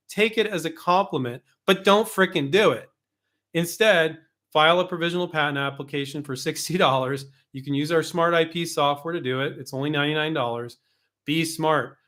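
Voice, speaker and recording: A man's voice: fairly high pitch, fairly bright tone. A man hosting a show on invention licensing, talking frankly and animatedly, with casual cursing and frequent restarts. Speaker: host, invention licensing coach. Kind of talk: casual advice talk.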